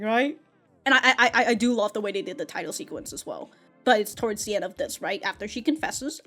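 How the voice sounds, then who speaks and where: A woman giving excitable, casual reaction commentary on an anime, laughing often, swearing freely and calling everyone "dude". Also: mid-range voice, a little fast, faint music behind.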